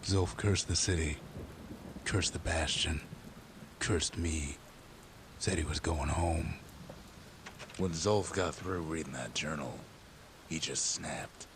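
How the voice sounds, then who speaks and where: An actor playing a weathered, laconic old frontier narrator in a video game, with a deep drawl. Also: male voice, slow, pauses often, background noise, exaggerated voice. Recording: game audio under music. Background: game music.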